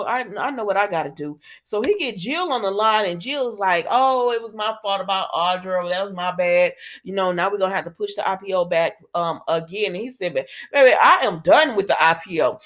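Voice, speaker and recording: A woman's voice: mid-range voice, expressive, brisk, a bit bright. A woman recapping a soap opera in a chatty, sassy way, talking back to the characters. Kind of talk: casual chat.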